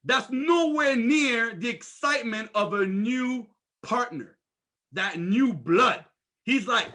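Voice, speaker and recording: An energetic male sales trainer drives home his points with repetition and rhetorical questions. His voice sits very high and sounds bright and forceful. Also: slow pace. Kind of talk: motivational training talk.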